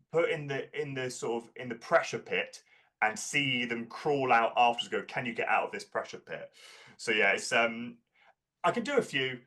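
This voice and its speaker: A man who coaches performers tells lively stories in a relaxed interview. His voice is bright and forward, and he often stumbles over the start of a sentence. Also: medium pitch. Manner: animated storyteller, repeats words. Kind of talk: casual interview chat.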